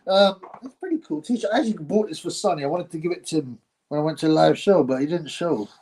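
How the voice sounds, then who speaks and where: A man's voice: on the high side, fast, darkish tone. A middle-aged man, hosting a casual live stream, reading viewer comments aloud, rambling and laughing often. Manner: rambling, laughs often, breaks into mock announcer voices.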